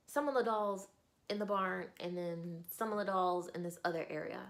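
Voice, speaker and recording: A woman book reviewer chatting through a novel's plot, slipping into characters along the way. Her voice sits on the low side and stays casual and animated. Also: normal speed.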